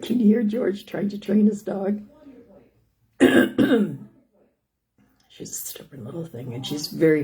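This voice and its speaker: An older woman with a warm, mid-range voice hosts a live stream about coping with lung disease. Her talk is casual and rambling, full of restarts and "anyways."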